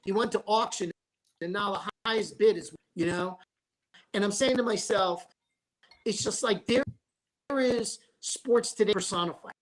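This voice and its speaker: This high-voiced man speaks at normal speed with long pauses, captured on a low-quality recording. He's a sports broadcaster who once ran restaurants, chatting casually on a talk show, rambling through stories and frequently starting sentences over.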